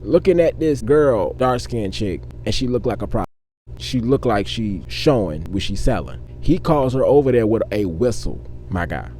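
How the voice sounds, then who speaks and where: A man's voice: on the low side, lively intonation, moderate pace, mellow, a little hiss or hum. A man from Virginia, telling a street story in a laid-back, profane, conversational way. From Richmond, Virginia, US.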